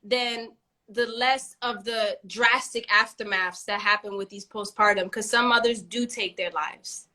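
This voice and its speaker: A woman co-hosting a casual chat, animated and frank, swearing freely and laughing often. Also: medium pitch, unhurried. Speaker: podcast co-host.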